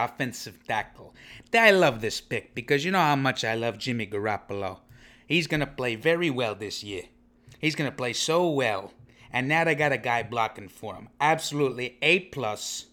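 Brash, bright-voiced joking young man. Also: medium pitch. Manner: brash, joking, keeps tacking on "okay?". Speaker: comedic fantasy football vlogger. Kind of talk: rambling comedic commentary to camera.

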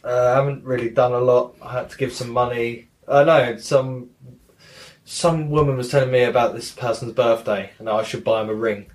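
A man's voice: medium pitch, steady tone, moderate pace. A man hosting a casual gaming podcast, rambling through stories with plenty of swearing. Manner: rambling retelling with swearing and acted-out quotes. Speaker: podcast host.

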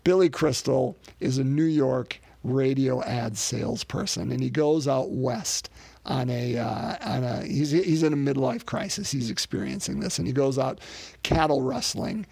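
A husky, raspy male pastor with a gravelly edge gives a sermon in a relaxed, conversational way. His voice sits a little high for a man and sounds dry and close. He often repeats words as he speaks directly to his listeners. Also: unhurried, dry recording.

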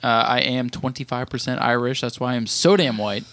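A man's voice: medium pitch, fairly even intonation, normal speed, a bit bright. A man co-hosting a podcast in casual chat, teasing and joking with his co-host.

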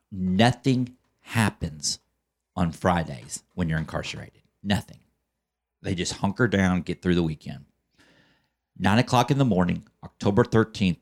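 Speaking in a deep voice with a darkish tone, a podcast guest shares the story of his recovery. His delivery is fervent and preacher-like, peppered with "okay?" and "right?" to keep his listeners with him.

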